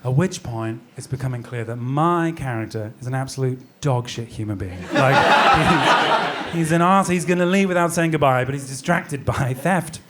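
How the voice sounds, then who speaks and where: A man's voice: mid-range voice, normal speed, heavy background noise. A man around thirty doing live stand-up, rambling and self-deprecating, laughing at his own lines in a small pub room. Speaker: stand-up comedian. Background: audience laughter.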